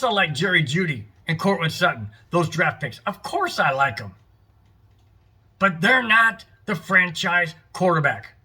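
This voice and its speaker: A man's voice: high voice, sharp tone, slightly rough. A middle-aged man hosting a fan show, delivering an angry, frustrated, emphatic sports rant. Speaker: fan podcast host.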